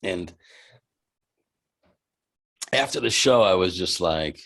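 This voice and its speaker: A man in his forties, a podcast guest, telling an animated, profane anecdote with many restarts and bursts of laughter. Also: low voice, slow pace, gravelly. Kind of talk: casual storytelling.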